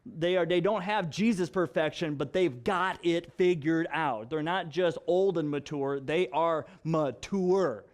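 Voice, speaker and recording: High-voiced pastor teaching with lively emphasis. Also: male voice, unhurried. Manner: animated and conversational, acts out examples; frequent restarts and emphatic repetition. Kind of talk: casual Bible teaching.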